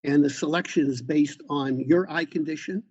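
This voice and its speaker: A man's voice: a little high, moderate pace, darkish tone, breathy edge, dull audio. A man, a doctor, walking patients through slides in an informal talk with side remarks. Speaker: eye doctor leading a patient meeting. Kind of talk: slide presentation over a call.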